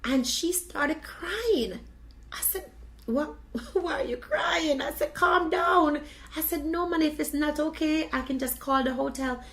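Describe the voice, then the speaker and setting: Animated woman telling a story. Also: high voice, unhurried, low-quality recording. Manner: animated, expressive retelling with quoted dialogue. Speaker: video blogger. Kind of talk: personal storytelling.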